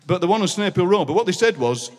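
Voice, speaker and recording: Animated Yorkshire man in his sixties. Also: sits high, quick pace. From Barnsley, Yorkshire. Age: 60s. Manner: animated, laughing, dialect phrases. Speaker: guest poet. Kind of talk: comic storytelling on a live podcast. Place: city hall stage with audience. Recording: long hall reverb.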